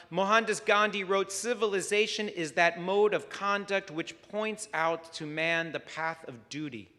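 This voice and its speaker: A man preaching a sermon as rabbi, measured and reflective, weaving stories into his message. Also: sits high, sharp tone. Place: synagogue sanctuary. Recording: long hall reverb.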